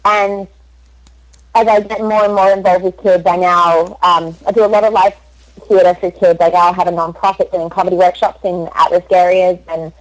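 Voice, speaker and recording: An Australian woman, a voice actress and comedian, chatting in an animated, storytelling way in an interview. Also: on the low side, moderate pace. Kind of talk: casual interview chat. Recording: dull lo-fi recording.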